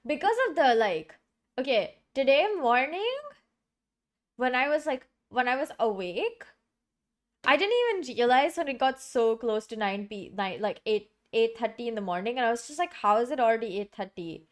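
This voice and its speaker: A woman's voice: on the high side, expressive, normal speed. Chatty woman streamer, rambling. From Singapore. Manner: rambling, chatty, many fillers and restarts. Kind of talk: casual live-stream chat. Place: home.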